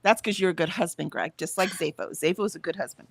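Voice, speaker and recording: A woman's voice: on the low side, vocal fry, dry recording. Chatty woman host, dry close sound. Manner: chatty, emphatic, quick to laugh. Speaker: livestream co-host. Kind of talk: casual chat, reading out viewer comments.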